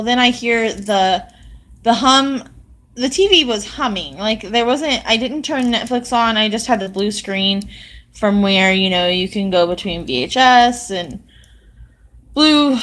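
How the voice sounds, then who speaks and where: A woman telling a personal story in a casual, halting way, full of likes and ums. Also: medium pitch, a bit bright.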